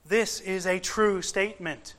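A man preaching a sermon, measured and emphatic, with frequent pauses for weight. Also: high voice, steady tone, a bit bright.

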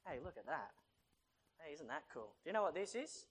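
Preacher, casual sermon voice, chatty and playful, middling pitch. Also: sing-song, fairly quick, breathy edge. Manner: chatty and playful, joking with the audience. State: short of breath. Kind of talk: casual sermon with a Bible reading.

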